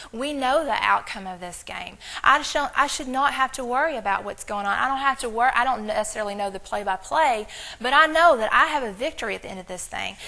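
Woman preacher, slightly high gravelly voice, chatty animated storytelling sermon. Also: poor audio. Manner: animated, rambling, quick asides. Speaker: church speaker.

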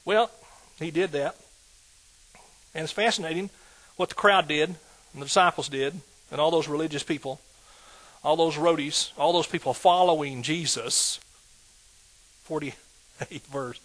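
A man's voice: fairly high pitch, measured pace, pauses often, poor audio. A male pastor preaching a sermon, emphatic and exhorting, with repeated appeals to the congregation. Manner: emphatic, rising to loud exhortation.

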